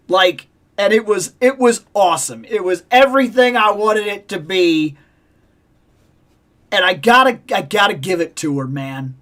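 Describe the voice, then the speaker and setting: A woman hosting a toy collecting vlog, telling a lively, opinionated story about a video game and acting out its sounds. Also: on the low side. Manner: animated, acts out game sounds and voices; passionate, opinionated about games. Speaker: toy collecting channel host.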